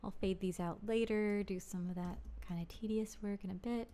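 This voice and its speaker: A woman in the middle of making music on a studio livestream murmurs to herself and her audience, soft and reflective, as she puts a song together. She talks casually at a moderate pace in a steady, mid-range voice. The room is spacious with a long reverb tail, and music plays in the background.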